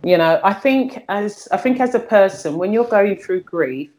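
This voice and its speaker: Medium-pitched and expressive, a slightly mellow female voice moves at a moderate pace. She's a middle-aged guest sharing her life in a frank, earthy way, often repeating words while reaching for them during a candid personal chat.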